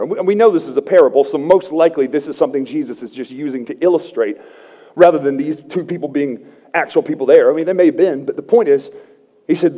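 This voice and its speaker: Male pastor, thirties, lively and a bit high, jokey conversational sermon, dull livestream with long hall reverb. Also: fast talker. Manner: conversational and humorous, often asking "right?". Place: church sanctuary.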